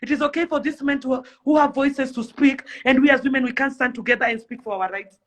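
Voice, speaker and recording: A woman's voice: high-pitched, fairly even intonation, fast. A young Kenyan woman delivering an impassioned rant to camera, pleading and fiery, firing off rhetorical questions. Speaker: celebrity influencer.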